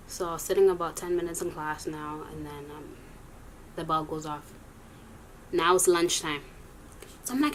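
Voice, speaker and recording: Young woman, casual storytime vlog, rambling, self-correcting, slightly low voice, faint hiss. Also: fairly even intonation, moderate pace, long pauses. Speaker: vlogger.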